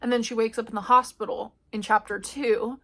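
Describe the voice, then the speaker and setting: A young woman chatting casually about a book she read, animated and full of fillers. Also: fairly high pitch, a little fast. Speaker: book reviewer. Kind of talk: casual vlog book review.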